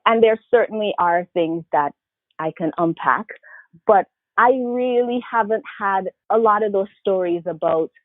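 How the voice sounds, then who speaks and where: A woman from Saint Vincent and the Grenadines with a faint Vincentian accent, telling her story in a reflective, animated way as an interview guest. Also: mid-range voice, unhurried, no room sound. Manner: reflective, animated storyteller, mimics others' voices. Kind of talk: casual interview conversation. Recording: tinny phone-like call audio, dry.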